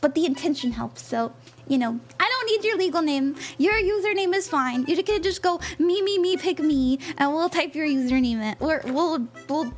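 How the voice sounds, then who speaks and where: A bubbly young woman with a high, very lively voice chats with her live-stream viewers, giggling between sentences. Soft music plays faintly in the background of her home setup. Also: moderate pace. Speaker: tarot reader and spell-casting streamer. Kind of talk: casual live-stream chat.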